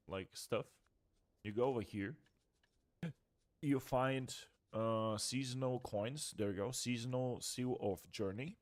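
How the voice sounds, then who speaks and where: Casual young man explaining a game. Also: mid-range voice. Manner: loose and chatty, trails off and restarts. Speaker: game streamer. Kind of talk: casual gameplay walkthrough.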